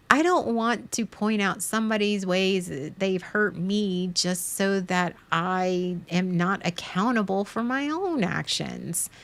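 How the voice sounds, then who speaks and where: A woman in her thirties talking on a live stream, rambling and emotional, restarting her sentences and laughing between thoughts. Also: mid-range voice.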